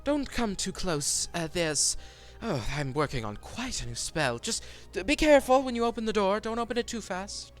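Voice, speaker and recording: A man voicing a mother absorbed in her spell work who talks in distracted, halting bursts and calls her child dearie. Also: high-pitched, very animated, faint music behind, pitched above the performer's own voice. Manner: distracted, breathy pauses, calls others dearie.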